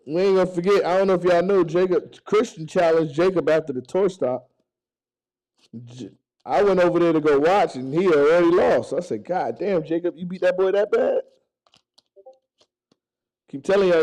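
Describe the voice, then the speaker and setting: Guy with a highish voice, casual chat, cussing and tripping over his words, action cam on his chest. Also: brisk, a little mellow, low-quality recording. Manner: loose, profane storytelling with stumbling restarts. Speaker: bowler chatting to viewers. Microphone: action camera strapped to chest.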